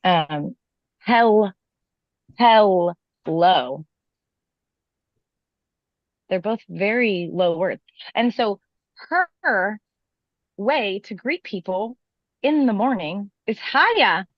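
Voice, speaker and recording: A woman guest with an everyday mid pitch telling stories in an animated, drawn-out way. The audio is a bit dull and muffled, and very dry. She goes on at length in a relaxed morning chat. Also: no echo. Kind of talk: casual chat, storytelling.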